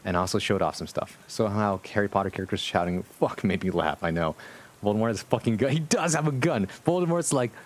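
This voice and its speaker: A man hosting a casual live stream as a VTuber, with a somewhat low voice. He talks to his viewers in an amused, rambling way and swears freely. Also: quick pace.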